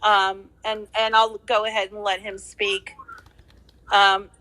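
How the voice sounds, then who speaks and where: A woman's voice: mid-range voice, little pitch movement, takes it slowly, pushed and bright, no echo, rough recording. A woman hosting a call-in talk, angry and emphatic, swearing and repeating herself. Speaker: host of a call-in space. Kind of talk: heated political talk.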